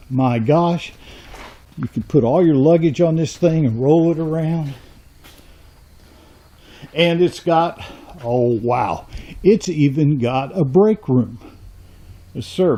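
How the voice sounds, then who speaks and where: Middle-aged Texan vlog host, husky and slightly high, teasing salesman banter. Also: lively intonation, a little slow, warm tone, lo-fi sound. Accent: Texas. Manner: teasing, mock sales pitch. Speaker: woodworking channel host. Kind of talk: joking walkthrough vlog. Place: old run-down warehouse.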